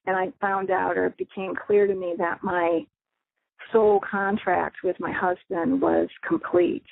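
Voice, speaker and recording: A middle-aged radio host tells her personal story in an earnest, reflective way, punctuated by small laughs. Her medium-pitched voice has vocal fry and a measured pace, heard over thin, dry phone-line audio.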